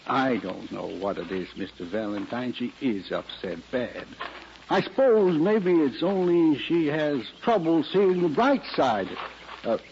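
An actor playing a friendly, folksy farm owner who talks in a rambling way, in 1940s radio acting style. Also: male voice, mid-range voice, sing-song, a little slow, a little mellow, slight background noise. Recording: lo-fi old radio recording with music.

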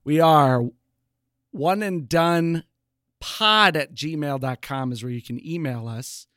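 Young dude cohost, jokey riffing, a bit high pitched, super dry mic. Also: male voice, takes it slowly, a bit bright, no room sound. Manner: joking, playful riffing. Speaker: podcast co-host. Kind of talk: casual chat.

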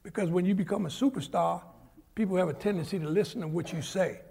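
An older New York man with a high, gravel-edged voice moves quickly through his life story during an interview. He's a lively narrator who takes on the voices of the characters he mentions.

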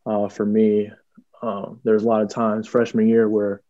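A man's voice: lowish voice, monotone, a little slow, mellow, no echo. Laid-back young man, dull lo-fi sound. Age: young adult. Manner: laid-back, lots of ums and restarts. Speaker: college football player, interviewee. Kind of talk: casual interview answers. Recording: dull lo-fi audio.

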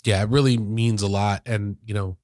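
Close to tears, a podcast co-host and editor in his thirties rambles from the heart in casual conversation, with many fillers and restarts. His voice is on the low side and darkish, with fairly even intonation at normal speed, recorded dry on headphones and a studio microphone.

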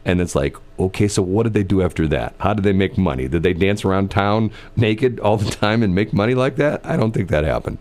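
A man's voice: deep voice, lively intonation, a little fast, few pauses, darkish tone, slight background noise. A middle-aged man from the American Midwest chatting casually, rambling through stories with many fillers and restarts.

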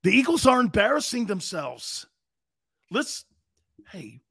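A man's voice: high-pitched, expressive, measured pace, long pauses, sharp tone, dry recording, clean studio sound. A man hosting a sports talk show, ranting in a brash, mocking way with profanity.

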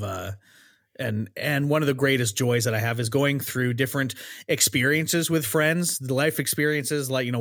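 A man's voice: mid-range voice, no room sound, studio quality. A man hosting a casual podcast conversation, joking and laughing easily as he asks questions. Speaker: podcast host.

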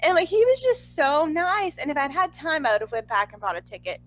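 A young woman telling a story in a chatty, excitable way, full of "like.". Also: high voice, a little fast, low-quality recording. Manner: chatty, excitable, heavy use of "like". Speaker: vlogger. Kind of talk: casual storytelling.

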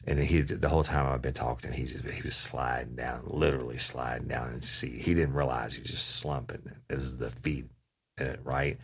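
Recounting a police interrogation to an audience, this storyteller speaks casually and profanely, performing each quoted line. His voice is extremely low and gravelly with a breathy edge, steady in tone and fairly quick.

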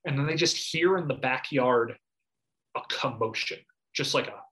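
A man in his thirties co-hosting a casual sports podcast, telling stories with lively shouted impressions. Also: mid-range voice, moderate pace. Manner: animated storyteller, bursts into shouted impressions. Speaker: podcast co-host. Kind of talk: casual chat.

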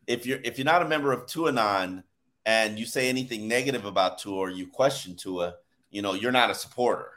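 A man hosting a sports podcast, talking in an animated, emphatic way in casual chat about football. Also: lowish voice, a little fast. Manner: animated, emphatic, laughs while telling stories. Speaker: sports podcast host and former beat reporter.

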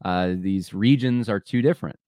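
Male podcast host with a lowish voice, dry close sound, rambling and conversational. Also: normal speed, warm tone, no room sound. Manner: thinking aloud, rambling with frequent restarts; conversational, addresses listeners directly. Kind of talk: solo commentary podcast.

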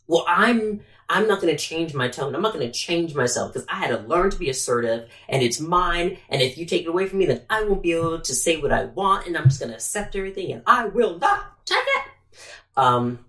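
A woman co-hosting a casual chat, animated and quick, acting out what people said. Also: deep voice. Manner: animated, quick, acts out quotes. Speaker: podcast co-host. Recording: echoey room.

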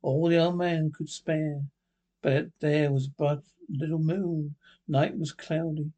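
A man's voice: fairly high pitch, steady tone, slow, warm tone. Man reading a ghost story aloud. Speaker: narrator.

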